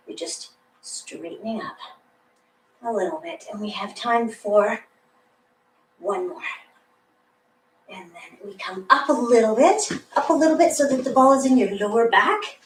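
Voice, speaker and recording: A woman's voice: a little high, far from the mic, slight background noise. A woman leading a ball workout class, cueing each move in a chatty, encouraging way with joking asides. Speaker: fitness instructor. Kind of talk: live workout instruction. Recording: echoey room, voice from the mic.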